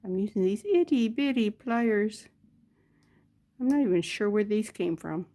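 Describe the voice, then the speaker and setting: A woman's voice: medium pitch, animated, a little slow, warm tone. An older woman chatting casually as she works on jewelry, muttering to herself between remarks. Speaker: jewelry crafter. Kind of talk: casual crafting chat.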